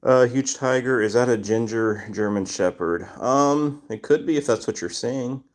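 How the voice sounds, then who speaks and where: A man's voice: medium pitch, normal speed. A man hosting a casual livestream, greeting viewers by name and answering chat questions. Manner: reads chat names aloud and greets viewers. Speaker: livestream host.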